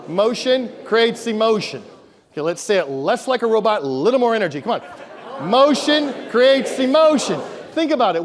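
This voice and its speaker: A man with a high voice delivers a motivational keynote in a large hall. His words ring with long reverb. He talks in punchy, repeated phrases and keeps questioning the crowd. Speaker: motivational speaker. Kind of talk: high-energy keynote speech to a live audience. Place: large conference room with an audience.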